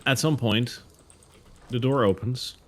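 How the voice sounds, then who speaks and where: A man narrating as game master of a tabletop game, giving measured, easygoing rulings. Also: mid-range voice.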